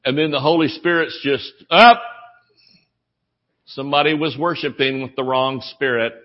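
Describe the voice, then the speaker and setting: A man's voice: mid-range voice, moderate pace, muffled recording. A man with a Southern US accent, preaching a humorous sermon full of stories and laughter. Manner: animated storytelling, laughs often.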